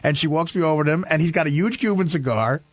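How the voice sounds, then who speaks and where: A man's voice: on the high side, fast talker, no echo. A man telling a long, rambling, profane story on a radio show, full of restarts and fillers.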